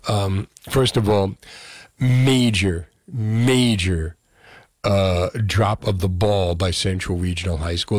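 A man's voice: low-pitched, no echo. A male radio talk show host, delivering an indignant call-in monologue full of rhetorical questions.

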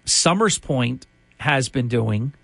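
A man's voice: mid-range voice, lively intonation, slow, creaky, fairly bright tone, no room sound. A male radio host giving a chatty, opinionated on-air monologue full of restarts.

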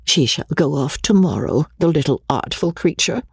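A man voicing a fretful older mother who scolds and fusses, in a raised, breathy voice. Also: on the high side, animated, normal speed, dry recording, clean studio sound, pitched above the performer's own voice, full character voice. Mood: sharp. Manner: chiding, fretful.

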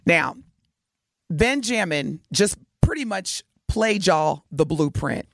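Woman radio co-host, casual teasing morning-show chat, lively swooping delivery, gravelly edge, dry studio mic. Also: on the low side, slow pace, dry recording. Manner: animated, teasing, emphatic. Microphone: studio microphone.

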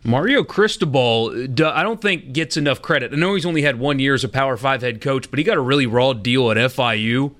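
A man co-hosting sports radio, giving measured, opinionated takes on teams. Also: medium pitch, fairly bright tone. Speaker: radio co-host.

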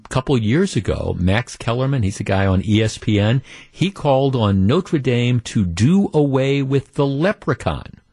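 A talk radio host in a studio reads out listener texts with wry disbelief, sounding incredulous. His voice is lowish and darkish, picked up dry through a studio microphone.

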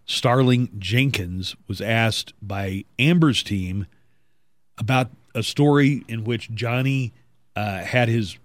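A man's voice: lowish voice, dry recording. A middle-aged man hosting a morning radio show, trading casual jokes and reading news and listings. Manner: wisecracking, conversational, reads listings briskly.

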